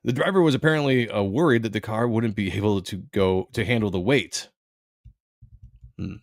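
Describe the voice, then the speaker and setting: A man's voice: fairly low pitch, moderate pace, no echo, studio quality. A man hosting a live stream, giving blunt, sarcastic commentary and reading viewer comments aloud. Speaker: live show host.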